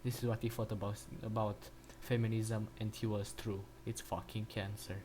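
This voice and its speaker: A man's voice: on the low side, level tone, moderate pace, a little mellow, slight background noise. A man ranting in a crude, mocking and rambling way while he comments on a video, often restarting his sentences. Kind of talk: profane reaction rant.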